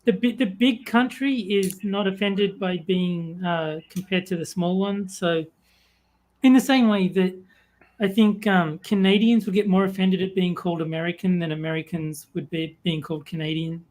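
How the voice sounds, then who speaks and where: A man in casual podcast banter who reasons in a measured, hesitant way with many fillers. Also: high-pitched, fairly even intonation, a little mellow.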